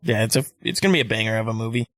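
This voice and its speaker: A man co-hosting a podcast in casual chat, swearing often and retelling scenes with quick impressions. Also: on the low side, no echo. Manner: animated, profane storytelling with impressions and loud laughs. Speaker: podcast co-host.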